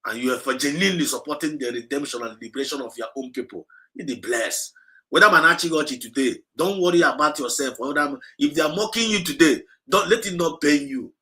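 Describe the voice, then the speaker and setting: Preaching to a livestream, a male movement speaker with a Nigerian Igbo accent exhorts his listeners, repeats his points, and slips from English into Igbo and back. His voice is a little high and expressive, a little fast, bright and forceful.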